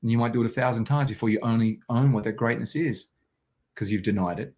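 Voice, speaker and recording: A man's voice: mid-range voice, quick pace, a little mellow. An Australian man telling a personal story as an interview guest, vivid and intense, acting out quotes.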